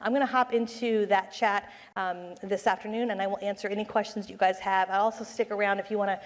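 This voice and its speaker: A woman's voice: medium pitch, fairly even intonation, fairly quick. Upbeat woman speaking in a reverberant hall. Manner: upbeat, chatty, often asks the room "right?". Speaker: conference speaker on social media marketing. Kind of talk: live conference presentation. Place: conference session room.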